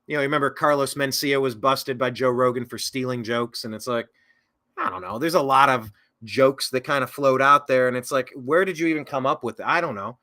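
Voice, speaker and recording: A man's voice: mid-range voice, brisk, pushed and bright. A man hosting a political talk show, reading viewer comments aloud and rambling through casual commentary with sarcastic, self-correcting asides.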